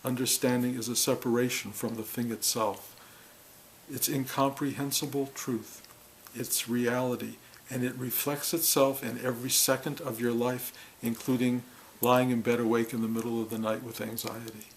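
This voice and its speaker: A man speaking as a spiritual teacher to a gathering, earnest and heartfelt, in short halting phrases. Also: medium pitch, little pitch movement, a little hiss or hum, poor audio. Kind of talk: reflective spiritual talk to a gathering.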